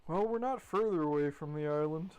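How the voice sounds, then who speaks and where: A man's voice: fairly high pitch, fairly quick, a little mellow, clean tone, highs cut off. A man rambling casually while commentating his gameplay, chatty and swearing now and then. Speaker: gaming streamer.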